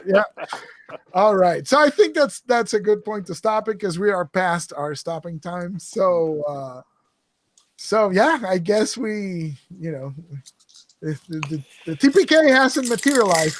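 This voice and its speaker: A man's voice: high-pitched, animated, normal speed, slight background noise. A man running a tabletop game as game master, talking casually, laughing often and restarting his sentences.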